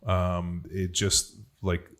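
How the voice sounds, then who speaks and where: A man with a very low, deep voice hosts a podcast and tells personal stories in a relaxed, rambling way. His talk is loose and profane, full of "like" and "you know". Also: extremely slow. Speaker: podcast host. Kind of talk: casual podcast conversation.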